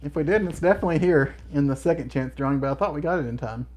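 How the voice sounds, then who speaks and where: A middle-aged man hosts a livestream, talking at a racing pace in a fairly high, slightly mellow voice. He chats casually and laughs often between remarks as he reads viewer comments.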